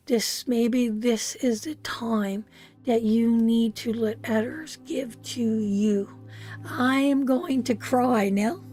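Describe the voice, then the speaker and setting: A woman's voice: a little high, warm tone. A woman giving a live tarot reading, emotional and repetitive, calling the listener sweetheart. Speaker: tarot reader.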